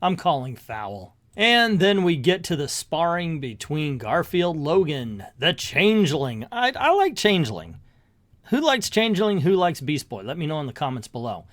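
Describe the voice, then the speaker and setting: Chatty man reviewing comics, higher voice. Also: sing-song, normal speed, a bit bright. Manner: chatty, jokey asides to viewers. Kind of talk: casual comic review narration.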